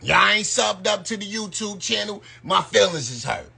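A man's voice: sits high, expressive, moderate pace, creaky, bright, forceful tone, husky. A man giving loose, slangy live-stream commentary and talking straight to his viewers. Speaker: YouTube commentator.

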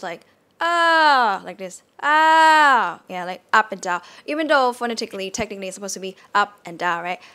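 A woman with a Thai accent gives a casual online lesson and keeps saying words over and over to show each tone. Her voice is bright and clear and sits at an ordinary pitch. She talks in a chatty, relaxed way with plenty of fillers. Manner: demonstrates tones by repeating words, chatty with many fillers. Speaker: Thai language teacher.

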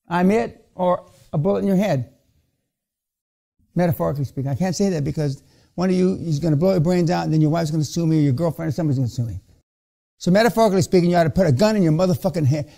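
A man giving an aggressive, profane seminar rant, berating his audience and shouting often. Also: fairly high pitch, fast, vocal fry, long pauses. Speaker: business seminar speaker.

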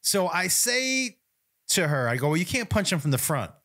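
A man co-hosting a podcast in a studio, telling a story in a casual, animated way and laughing often. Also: sits high, normal speed. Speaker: podcast co-host, comedian.

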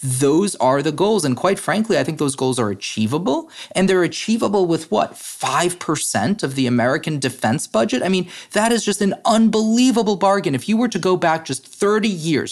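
A man as a podcast guest, talking in an analytical, brisk way with frequent fillers and restarts. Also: a little high, animated. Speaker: guest, head of a democracy advocacy group. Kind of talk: podcast interview.

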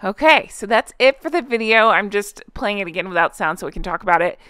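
A woman's voice: mid-range voice, expressive, quick pace, a bit bright. A woman hosting a reaction channel, chatting to viewers with a giggly, casual manner and lots of fillers.

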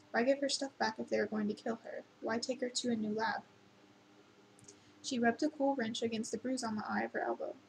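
A woman reading a novel aloud at an unhurried pace, with occasional slips and restarts. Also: fairly high pitch, gravelly, slight background noise, rough recording. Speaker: reader.

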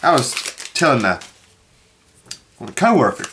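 Very low-voiced woman rambling over pack crinkle. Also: very animated, measured pace, fairly bright tone. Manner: rambling storyteller, reads card names aloud. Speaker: card pack opener, co-host. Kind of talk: casual chat while opening card packs. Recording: noisy with wrapper crinkling.

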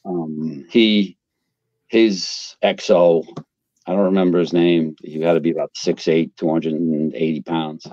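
A man's voice: deep voice, unhurried, dry recording. An older man from Queens, a retired fire captain telling blunt, profane stories as an interview guest. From Queens, New York. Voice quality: blunt, profane, animated storyteller. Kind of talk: casual storytelling interview. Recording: dull lo-fi sound.

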